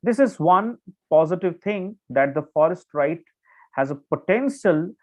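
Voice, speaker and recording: A man's voice: high-pitched, expressive, measured pace, a little mellow. A man with an Indian English accent teaching a current affairs class, explaining with many restarts and fillers and checking in with "okay". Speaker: exam coaching teacher. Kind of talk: online current affairs lecture. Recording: tinny phone-like audio.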